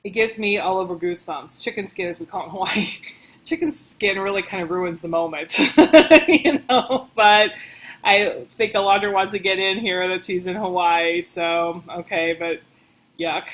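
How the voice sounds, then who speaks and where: A woman working as a book editor, reading passages aloud and thinking out loud in a casual, chatty way as she comments on them. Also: lowish voice, steady tone, normal speed, poor audio.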